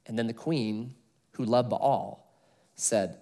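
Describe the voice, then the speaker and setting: A middle-aged man preaching an expository sermon, telling stories with animated delivery and laughing at his own jokes. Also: medium pitch, slow pace, gravelly. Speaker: pastor.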